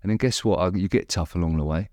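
A man's voice: deep voice, quick pace, a little mellow, no room sound, clean studio sound. A man, a fighter guest on a podcast, talking in a rambling, jokey, self-deprecating way. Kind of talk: casual chat.

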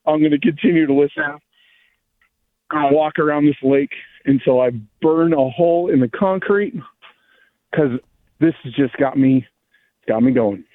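A male radio caller rants in a worked-up way while walking outdoors. His voice sits a bit high. It comes through a tinny, dry phone line. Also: normal speed, long pauses, dry recording. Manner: worked up, ranting. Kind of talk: call-in rant.

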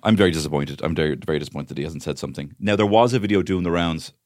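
A man's voice: extremely low pitch, rapid-fire, no echo, faint music behind. A man co-hosting a comedy podcast, joking around and swearing freely in casual chat. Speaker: podcast co-host.

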